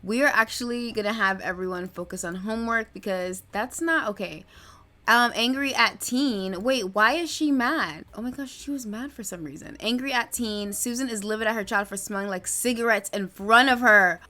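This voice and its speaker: A woman's voice: on the high side, moderate pace, pushed and bright. A woman hosting a life-sim let's play, narrating the family drama in a chatty, gossipy way. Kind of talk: casual gameplay commentary.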